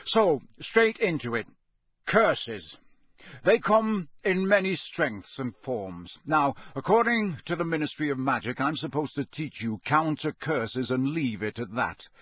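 A man growling as a gruff scarred old wizard. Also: fairly high pitch, sing-song, unhurried, a bit bright, no echo, exaggerated voice. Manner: growling, blunt.

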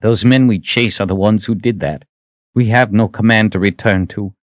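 A man's voice: lowish voice, fairly even intonation, moderate pace, dry recording, pitched above the performer's own voice, close to an everyday voice. A man voicing an earnest young army captain who speaks with raised, intense conviction in an audiobook. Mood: resolute.

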